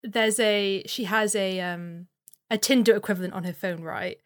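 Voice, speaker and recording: A woman's voice: mid-range voice, steady tone, normal speed. A woman co-hosting a casual podcast, talking loosely with lots of fillers and swearing. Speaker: podcast co-host.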